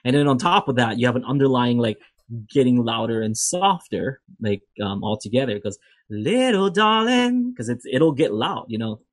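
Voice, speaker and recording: A man's voice: mid-range voice, fairly quick, dry recording. A man teaching an instrument lesson, explaining playing technique in a loose, rambling way with many fillers and restarts. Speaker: music teacher.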